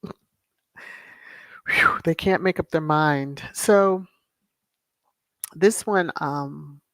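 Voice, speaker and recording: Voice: mid-range voice, a bit bright, no echo. A channel host on a casual livestream who reads viewer comments aloud, greets people by name and laughs often, with many fillers. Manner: drawn-out, unhurried delivery with frequent fillers.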